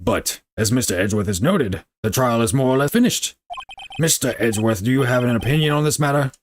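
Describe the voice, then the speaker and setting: A formal old judge presiding over a game courtroom, voiced by a man. He speaks in measured, slightly British-sounding tones, a little higher than the reader's own voice. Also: slight background noise, close to an everyday voice. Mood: deliberating.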